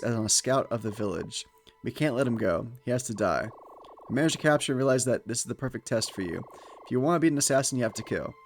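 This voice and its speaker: A man's voice: mid-range voice, gravelly. A man reading out a game's stern male assassin mentor in a grim, lecturing way.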